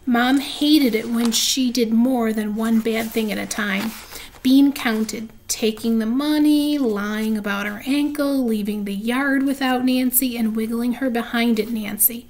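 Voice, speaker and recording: A woman reads a children's chapter book aloud in a fairly high voice. Between passages she describes the pictures for her listeners. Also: a little mellow, poor audio. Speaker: reader.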